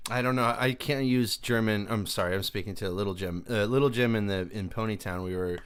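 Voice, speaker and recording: A man's voice: on the low side, brisk, smooth. A man hosting a music review show in casual chat, hesitant and trailing off as he explains himself.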